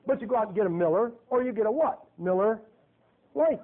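High-voiced preacher man, tinny sound. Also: lively intonation, a little fast. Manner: folksy, emphatic, rhetorical questions to the audience. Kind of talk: sermon.

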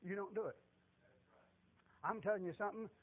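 A man preaching a folksy, emphatic sermon in a church, swinging between shouts and hushed tones. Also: sits high, a little fast. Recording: tinny phone-like recording.

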